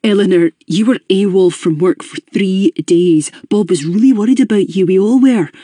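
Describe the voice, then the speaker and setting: A man's voice: high-pitched, normal speed, warm tone, dry recording, studio quality. A reader voicing a worried young man who talks bluntly, swears when upset and sounds strained. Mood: pleading. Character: worried blunt male friend, young adult.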